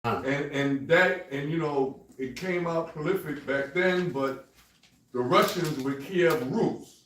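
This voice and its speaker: A man's voice: fairly high pitch, a bit bright. Distant man chiming in from an echoey room. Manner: halting, with restarts. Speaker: class participant. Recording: distant, echoey, faint noise.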